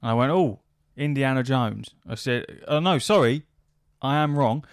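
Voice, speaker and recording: Telling a casual anecdote on his podcast, a man swears freely and acts out both sides of the conversation with quoted back-and-forth. His voice is an ordinary middle pitch for a man, at normal speed, with a clean tone. The recording is dry and close, with no room sound at all.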